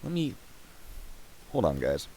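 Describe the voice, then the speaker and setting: A young man giving casual live-stream commentary, chatty and quick to laugh, often trailing off while he clicks around. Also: low-pitched, huge pitch swings, dark tone, breathy edge. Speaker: streamer reacting to videos and chat.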